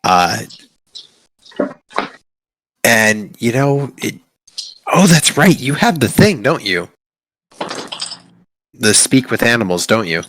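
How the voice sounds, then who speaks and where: A man's voice: mid-range voice, sing-song, slow pace, long pauses, a bit bright. A man narrating as dungeon master for a tabletop game, rambling and playful as he describes the scene. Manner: loose, rambling narration with playful quoted voices.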